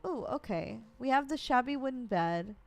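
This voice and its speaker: A woman's voice: high voice, lively intonation, normal speed, soft background music. Playful woman streaming a game. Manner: playful, chatty. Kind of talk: casual gameplay commentary.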